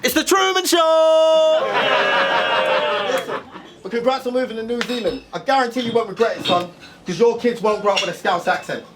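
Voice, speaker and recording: Man, London accent, battle rapper, very high voice, loud background noise. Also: quick pace. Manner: mocking, punchline-driven, repeats "listen". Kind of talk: rap battle performance. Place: live venue with audience. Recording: loud crowd and noise, live event.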